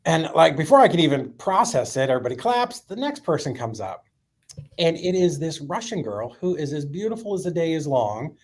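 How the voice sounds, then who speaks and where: Animated, swearing male storyteller. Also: on the high side, a little fast. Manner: animated, profane, filler-heavy storytelling. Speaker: guest. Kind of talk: storytelling in a podcast interview.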